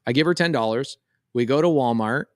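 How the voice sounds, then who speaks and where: A man in his thirties hosts a relaxed podcast chat, with a middle-pitched voice. He tells a story in lively bursts and acts out each person's lines. The sound is close and dry, with no room around it. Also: fairly quick, no room sound. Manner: animated, quotes voices in a story. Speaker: podcast co-host.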